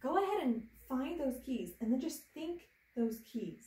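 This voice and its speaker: A woman's voice: high voice, big pitch swings, moderate pace, echoey room, distant mic. A woman teaching a piano lesson to students at home, patient and encouraging, walking through each step and chanting rhythm syllables. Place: room with a piano. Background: piano playing.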